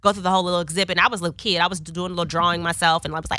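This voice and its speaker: A woman's voice: on the low side, rapid-fire, dry recording, clean studio sound. A woman being interviewed as a guest actress, chatting casually in an office and laughing often as she tells stories. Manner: laughs often, animated storyteller.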